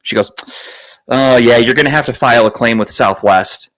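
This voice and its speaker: A man's voice: mid-range voice, moderate pace, a bit bright, rough recording. A man hosting a podcast, telling a story in a casual way. He curses a lot, sounds exasperated, and acts out other people's lines in a raised voice. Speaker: podcast host.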